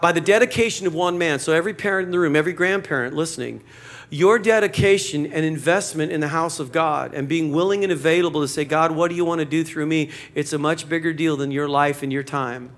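Guy pastor preaching in church, kinda high voice, chatty and jokey. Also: quick pace. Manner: conversational preaching with jokes and acted quotes. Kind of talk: sermon. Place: church hall with congregation.

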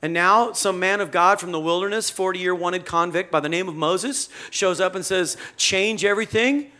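A male pastor delivers a sermon in a loose, conversational way and acts out the stories as he goes. His voice is bright and clear, sitting a little high for a man. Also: moderate pace. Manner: conversational, animated storytelling preaching.

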